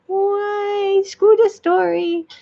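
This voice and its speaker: Put-on voice: woman doing her pet cat, whiny and high, plaintive questions, muffled lo-fi audio. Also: level tone, drawn-out words, creaky, dark tone, full character voice. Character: whiny pampered male house cat, pestered. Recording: dull lo-fi recording.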